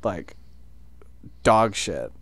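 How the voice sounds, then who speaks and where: A man's voice: lowish voice, sing-song, very slow, vocal fry, fairly bright tone, dry recording. A man co-hosting a movie podcast, rambling and hesitant in casual chat. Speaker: podcast co-host.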